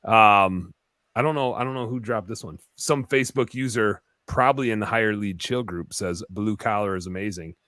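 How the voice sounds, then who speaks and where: A man's voice: lowish voice, normal speed, a bit bright, no room sound. A man co-hosting a casual live stream, playful and joking as he reads viewer comments. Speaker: co-host reading viewer comments.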